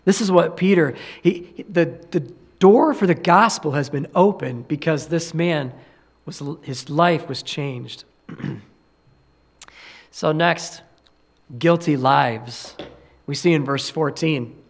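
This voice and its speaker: A male pastor preaching a sermon, emphatic and repeating key phrases, now and then clearing his throat. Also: a little high, takes it slowly.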